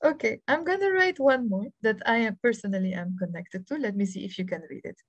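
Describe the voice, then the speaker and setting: A woman with a Lebanese accent teaches beginners over a video call, patient and encouraging as she spells out each letter slowly. Her voice sits at a middle pitch and sounds close and dry, with no room around it. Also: no room sound, lo-fi sound. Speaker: Arabic teacher. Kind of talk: live online language lesson.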